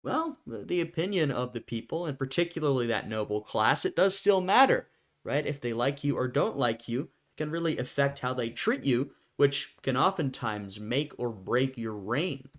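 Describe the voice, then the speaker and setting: A man's voice: mid-range voice, animated, moderate pace, a bit bright. A young man, the host, giving casual commentary on a video and thinking aloud as he talks. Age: young adult. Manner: conversational, thinking aloud with fillers and restarts.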